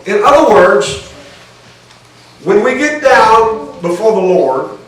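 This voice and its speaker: A man's voice: high voice, sing-song, slow pace, a bit bright. A pastor preaching a sermon in a church, earnest and restarting phrases as he builds each point. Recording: echoey hall, voice from far off the mic.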